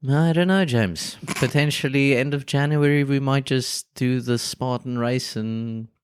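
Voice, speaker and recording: A man co-hosting a casual podcast tells rambling, hesitant stories full of fillers. His mid-range voice is steady, unhurried, clear and resonant. The clean studio recording has no room sound.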